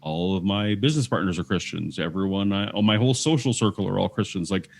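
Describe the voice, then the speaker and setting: A man's voice: sits low, fast talker, creaky. A man from Canada speaking as a guest in a candid interview, earnest and searching, often restarting his sentences. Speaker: podcast guest.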